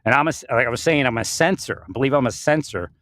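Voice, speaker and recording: A man's voice: mid-range voice, animated, quick pace, fairly bright tone, dry recording. Guy rambling on about spiritual stuff, laughs a lot, voice jumps around, dry close mic. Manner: rambling, laughs often, restarts sentences. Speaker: spiritual speaker. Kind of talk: rambling monologue.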